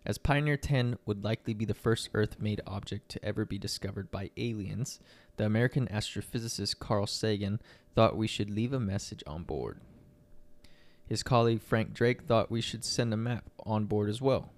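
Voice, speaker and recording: At a moderate pace and with a lowish voice, this young podcast co-host keeps things relaxed, rambling with fillers. He also reads news articles aloud as he chats.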